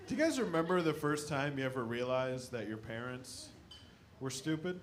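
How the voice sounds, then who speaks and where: A stand-up comedian man from the American Midwest, telling animated stories about his family on a club stage. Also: mid-range voice, normal speed, slight background noise. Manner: animated storytelling, shouting impressions of his dad.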